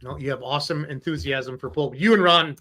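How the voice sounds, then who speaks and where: A man with a slightly high voice, hosting a laid-back podcast chat. He talks in an easygoing way and drops in quick promotional asides. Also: sharp tone. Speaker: podcast host.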